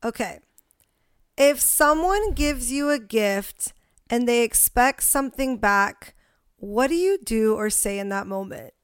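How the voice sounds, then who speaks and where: A woman's voice: fairly high pitch, animated, slow, smooth, dry recording, studio quality. A young adult woman co-hosting a podcast in casual chat, blunt and teasing, laughing often. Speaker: podcast co-host.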